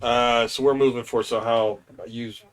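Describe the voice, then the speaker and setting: A man playing in a tabletop game, talking loosely and haltingly, sometimes shouting lines in character. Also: mid-range voice, fairly even intonation, clean tone. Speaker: player. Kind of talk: casual tabletop play.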